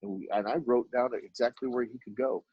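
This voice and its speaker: A man's voice: brisk, husky, no echo, highs cut off. A man from Dallas, a guest on a podcast, telling stories in a conversational way and acting out the lines of the people in them. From Oak Cliff, Dallas, Texas. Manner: animated storyteller who acts out dialogue with sudden jumps in pitch. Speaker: podcast guest, artist and business owner. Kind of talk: storytelling in a conversational interview.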